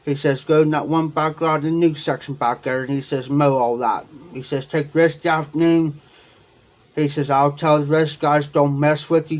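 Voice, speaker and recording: On a muffled recording, an Ohio livestream host with a somewhat high, slightly mellow voice tells his viewers a drawn-out personal story. He meanders, repeats himself, and quotes people along the way.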